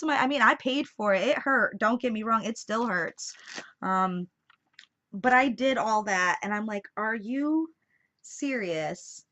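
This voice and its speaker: A woman's voice: medium pitch, takes it slowly, sharp tone. A young woman vlogging casually to camera, telling a story in a chatty way with lots of fillers. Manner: chatty storytelling, many fillers, laughs through it. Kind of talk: casual vlog chat to camera. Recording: slightly dull lo-fi sound.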